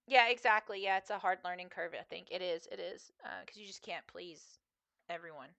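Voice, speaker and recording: A woman's voice: fairly low pitch, a little fast, gravelly, a bit bright, lo-fi sound. A woman streamer chatting casually with her viewers while playing a game, in a rambling, chatty way. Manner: chatty and rambling, talking to chat. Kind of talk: casual chat while gaming.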